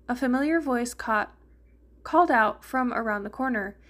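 A woman's voice: on the high side, normal speed, a bit bright. A woman reading a fan fiction story aloud, narrating and lightly voicing the characters. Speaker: fanfiction reader.

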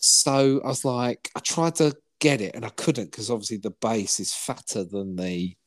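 A man's voice: medium pitch, normal speed. A man, co-hosting a podcast and telling rambling stories in casual chat, swearing now and then and acting out what people said. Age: 40s. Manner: rambling storyteller, swears, acts out quoted lines. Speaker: podcast co-host.

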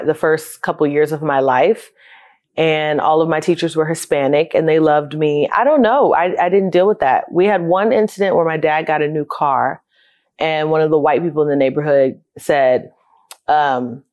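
A woman in her thirties who runs a childcare business shares her life story in an interview, speaking candidly and reflectively in a conversational way. Hailing from South Florida, she has a low, darkish voice with fairly even intonation and a slightly slow delivery.

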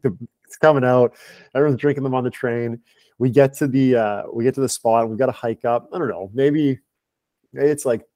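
A man's voice: mid-range voice, a little mellow, dry recording. A man on a podcast as a guest, a performance director, telling a long casual story full of "like". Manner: chatty, lots of filler "like".

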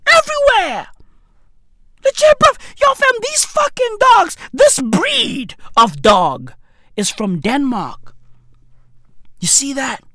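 A woman's voice: sits high, sing-song, slow pace, pauses often, background noise. A woman delivering a profane, slangy comedic rant, keeps asking "right?" for emphasis.

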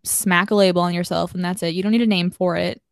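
A young woman co-hosting a podcast in casual chat, animated and emotional, laughing often. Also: lowish voice, fast talker, creaky, no echo, clean studio sound. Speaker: podcast co-host.

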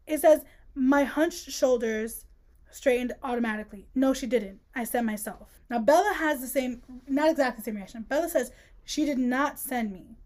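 A woman co-hosting a podcast, chatting casually about a book, slangy and animated, acting out the characters' lines as she retells scenes. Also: high-pitched, moderate pace. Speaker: podcast co-host. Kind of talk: casual book-discussion chat.

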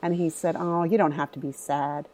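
Candid, swearing mom telling stories. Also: female voice, sits low, steady tone, moderate pace, darkish tone. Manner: candid storytelling, swears freely. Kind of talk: casual chat.

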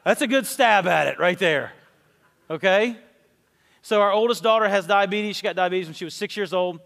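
A man in his forties with a high voice preaches a conversational sermon. He tells stories candidly and pokes fun at himself. His voice carries a long reverb from a large church hall. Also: normal speed, gravelly, fairly bright tone. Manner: candid, storytelling with self-deprecating humor. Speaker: pastor.

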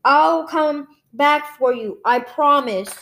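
Reading a graphic novel aloud, a woman voices both the sound effects and the dialogue in one reading voice. Her voice is high-pitched, slow and a bit bright, suited to read-aloud storytelling.

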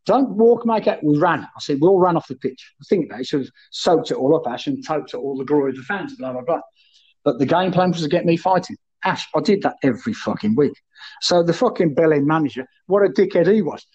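A man's voice: a little high, fast talker, a little mellow, slightly rough, lo-fi sound. A man telling rowdy, sweary football stories in casual chat, addressing the host by name again and again. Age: 30s then, now older. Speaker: guest, former footballer.

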